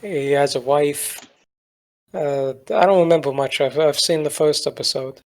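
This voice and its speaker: A man's voice: on the high side, fairly even intonation, moderate pace, a little hiss or hum. A man co-hosting a podcast, chatting casually with crude, sarcastic humor and lots of filler. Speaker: podcast co-host. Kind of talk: casual chat.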